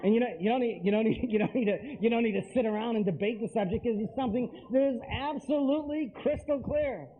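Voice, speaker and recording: A man's voice: very high voice, fast, hardly any pauses. A man giving a live lecture to an audience, talking emphatically and straight to them with repeated phrases. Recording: tinny lo-fi lecture recording.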